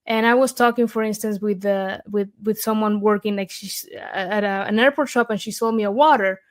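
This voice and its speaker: A woman's voice: medium pitch, steady tone, moderate pace. A woman from Argentina with an Argentine Spanish accent, a guest in an interview, telling a story eagerly with many fillers and restarts.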